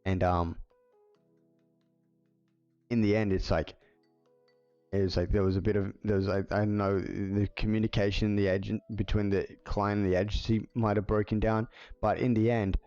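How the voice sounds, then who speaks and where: Rambling man, low and dry. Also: flat delivery, normal speed, long pauses, a little mellow, clear, resonant tone, no echo. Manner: rambling, filler-heavy with many "like"s. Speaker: livestreamer and video editor. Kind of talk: casual livestream chat. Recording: slightly dull audio with faint music.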